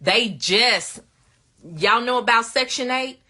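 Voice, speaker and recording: A woman with a higher voice and sharp tone hosts a casual livestream, speaking slowly. She greets viewers by name and laughs often while answering their questions.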